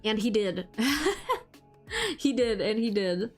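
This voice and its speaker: A woman with a fairly high voice hosting a relaxed chat stream, talking at an unhurried, drawn-out pace. She giggles between thoughts and peppers her sentences with "like". Faint music plays softly behind her. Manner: giggly, chatty, heavy use of "like". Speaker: VTuber streamer.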